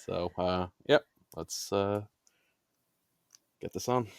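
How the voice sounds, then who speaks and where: A man chatting casually as a podcast guest, laid-back and quick to laugh. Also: sits low, gravelly, smooth, no echo, clean studio sound.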